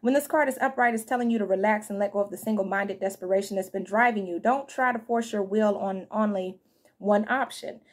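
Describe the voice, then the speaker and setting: A woman with a mid-range voice gives her viewers a tarot reading at a slightly fast pace, sounding as though she just woke up. She's chatty and slangy, calling her audience "y'all" and "fam."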